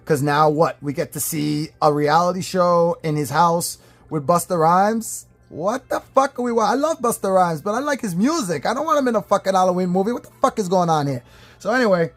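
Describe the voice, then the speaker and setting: A movie and toy reviewer talking casually to camera in a blunt, opinionated rant, swearing often and rambling with fillers and restarts. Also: mid-range voice. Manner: rambling, with fillers and self-corrections. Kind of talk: casual ranting chat to camera.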